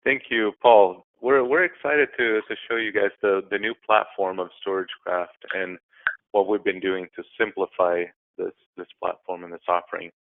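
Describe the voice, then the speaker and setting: Low-voiced man presenting, tinny line. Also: steady tone, creaky. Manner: halting, repeats words. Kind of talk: business webinar talk. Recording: tinny phone-like audio.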